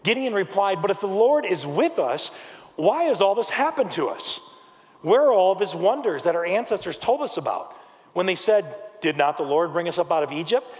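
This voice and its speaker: A middle-aged man preaching a sermon, telling a story with lively, acted-out quotes. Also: sits high, moderate pace. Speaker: pastor. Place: large church hall. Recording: long reverb of a large hall.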